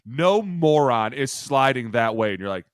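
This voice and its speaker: A man co-hosting a casual podcast, telling profane, animated stories with loud impressions of coaches. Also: medium pitch, normal speed, clean tone, no echo, clean studio sound. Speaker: podcast co-host, former lineman.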